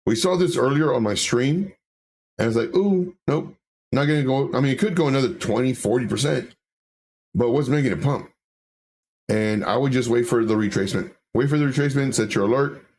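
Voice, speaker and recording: A fairly quick, medium-pitched male voice with a bit of mellowness belongs to a livestream host. Chatty and repetitive, he reads viewers' comments aloud and breaks down charts in a casual stream.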